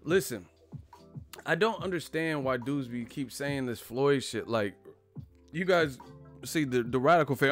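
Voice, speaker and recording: A man's voice: medium pitch, lively intonation, a little slow, pauses often, faint music behind. A man hosting a boxing live stream, chatting casually and profanely, full of fillers and asides. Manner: loose, profane, filler-heavy banter.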